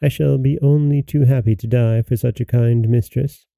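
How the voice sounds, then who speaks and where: A man's voice: mid-range voice, fairly even intonation, moderate pace, creaky, dark tone, no echo, close to an everyday voice. A man voicing a devoted, self-sacrificing female servant in a storybook reading, speaking fervently and humbly.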